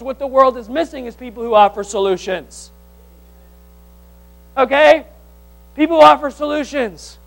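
A male pastor preaching a sermon, swinging from loud exhortation to hushed tones, with teasing humor and call-and-response. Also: very high-pitched, moderate pace, creaky, low-quality recording.

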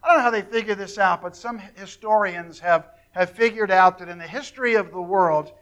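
A man's voice: sits high, fairly quick, a bit bright, rough recording. An older man preaching an informal sermon to a congregation, telling folksy stories with joking asides and plenty of fillers. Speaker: pastor.

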